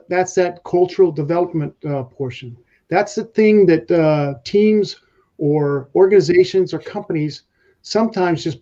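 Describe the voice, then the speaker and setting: A man's voice: fairly high pitch, warm tone, lo-fi sound. A man guest on a podcast, telling leadership stories in a rambling way with many fillers. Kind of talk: casual podcast talk.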